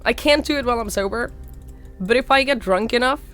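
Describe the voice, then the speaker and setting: A young woman from Norway with a slight Norwegian accent, speaking hoarsely while sick, chatting casually on a live stream and thanking viewers by name. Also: fairly high pitch, a little fast, fairly bright tone, soft background music. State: hoarse, sick with a sore throat.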